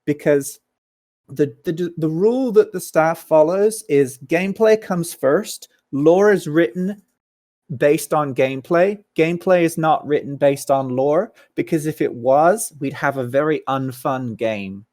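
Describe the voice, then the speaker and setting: A man's voice: on the high side, a little slow, darkish tone. A staff member in an online meeting, speaking emphatically and repeating his main point. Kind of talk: casual voice-chat meeting.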